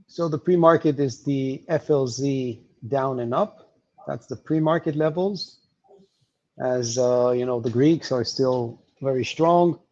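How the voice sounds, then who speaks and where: A man walking through market levels on a livestream, explaining with many pauses and fillers. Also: medium pitch, a little mellow, dull audio. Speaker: market analyst guest.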